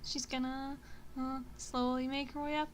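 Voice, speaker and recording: A woman's voice: high-pitched, flat delivery, normal speed. A woman player in a tabletop game, talking casually and playfully. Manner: giggly, playful. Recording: faint background noise.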